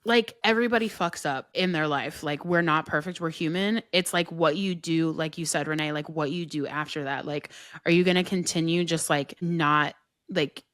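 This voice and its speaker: Podcast guest: woman, low-ish voice, emphatic, heavy on "like", dry close mic. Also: moderate pace, fairly bright tone, no echo. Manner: emphatic, many "like" fillers. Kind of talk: casual podcast chat.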